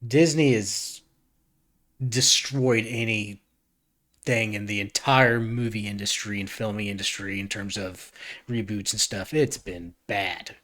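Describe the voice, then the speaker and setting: A man's voice: on the low side, fairly even intonation, measured pace, a bit bright. A man streaming a reaction, talking casually in an earnest, rambling way with frequent restarts.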